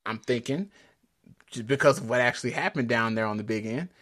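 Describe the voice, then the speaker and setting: A man's voice: medium pitch, fairly quick. A man co-hosting a podcast in a casual chat, talking with eager enthusiasm and frequent restarts. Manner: excitable, enthusiastic, stumbling restarts. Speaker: podcast co-host. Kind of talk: casual chat about drag racing.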